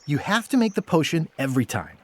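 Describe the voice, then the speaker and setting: An actor playing an easygoing pirate hero who tells a rambling, playful story in a video game. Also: male voice, fairly high pitch, big pitch swings, fast, a loud crowd.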